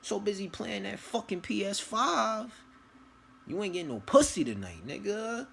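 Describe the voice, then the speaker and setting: A man voicing an angry wife, with a shrill high falsetto, yelling, cursing and scolding. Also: very animated, moderate pace, gravelly, a little hiss or hum. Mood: furious scolding.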